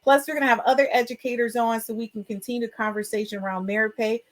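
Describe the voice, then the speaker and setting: A woman's voice: fairly high pitch, quick pace. Chatty upbeat woman hosting a podcast. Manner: chatty, upbeat, frequent "um" fillers; expressive and emotional. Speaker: podcast host. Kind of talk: casual podcast talk.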